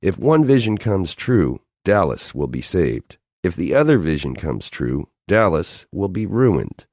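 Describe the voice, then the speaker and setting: A man's voice: low voice, sing-song, measured pace, a little mellow, dry recording, clean studio sound, voice pushed up, heavily acted. A man voicing a cold, commanding male alien agent in an audiobook, speaking in a clipped, exasperated way. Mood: forceful.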